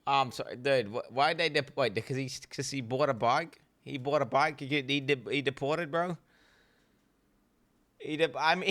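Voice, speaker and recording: A man's voice: medium pitch, moderate pace, fairly bright tone, no room sound. A man, streaming and giving blunt, rambling reaction commentary, swearing freely.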